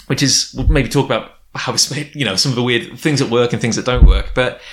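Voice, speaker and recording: A man co-hosting a casual chat, animated, laughing often and acting out lines. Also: mid-range voice, brisk. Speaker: podcast co-host. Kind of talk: casual chat recapping an anime.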